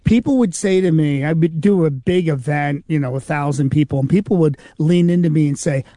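Speaking a little fast at a fairly high pitch, a comedian and impersonator recounts anecdotes in an interview, with no room sound in the recording. He tells them with animation and mimics each person he quotes.

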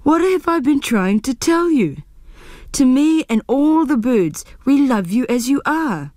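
A woman's voice: sits high, lively intonation, unhurried, darkish tone, no room sound, studio quality, voice pushed up. A woman voicing a blunt, kindly rimu tree. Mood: firm. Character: wise old rimu tree, kind and blunt. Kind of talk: storybook reading.

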